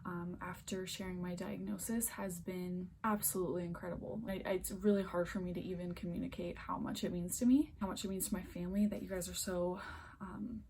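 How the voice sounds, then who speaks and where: A woman's voice: fairly low pitch, fairly even intonation, fairly quick, darkish tone, slight background noise. A young woman vlogging at home into a phone camera, earnest and emotional, close to tears, often dropping to a near-whisper as she rambles. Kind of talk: emotional personal vlog.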